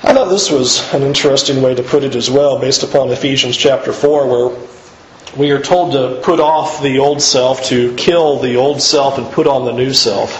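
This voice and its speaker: A man preaching a sermon in an earnest, emphatic way, pushing his pitch up to stress his points. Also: normal speed, roomy sound, muffled recording, slight background noise.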